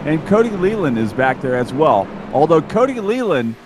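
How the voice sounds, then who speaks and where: A man commentating a live sim race in an excitable, exclaiming manner. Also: fairly high pitch, normal speed, background noise.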